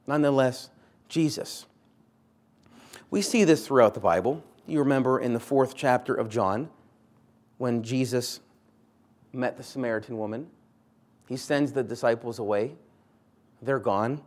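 A man's voice: mid-range voice, darkish tone. A man preaching a sermon in an earnest, conversational way, repeating short phrases for emphasis. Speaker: pastor.

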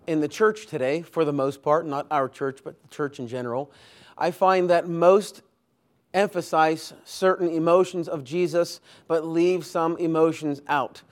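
A man's voice: on the high side, fairly even intonation, unhurried. A man preaching a Sunday sermon, earnest and emphatic, building his points through long lists with rising force. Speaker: pastor. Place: church.

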